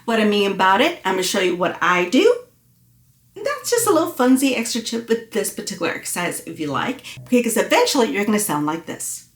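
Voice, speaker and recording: A woman's voice: medium pitch, very animated, fairly quick, a little hiss or hum. A woman vocal coach leading an online singing lesson, encouraging and demonstrating exercises. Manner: encouraging, demonstrates with sung hoots. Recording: echoey room.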